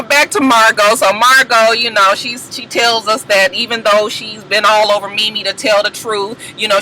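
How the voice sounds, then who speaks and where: A woman vlogger giving a casual recap of a reality TV episode, animated and profane, often laughing as she acts out what people said. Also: fairly high pitch, background noise.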